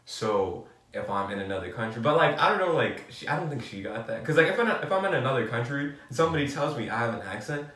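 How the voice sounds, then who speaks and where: A man's voice: medium pitch, fast, hardly any pauses. Rambling young New York man, roomy. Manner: rambling, heavy "like" filler, animated bursts. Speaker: podcast co-host. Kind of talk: casual chat. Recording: roomy and distant from the mic.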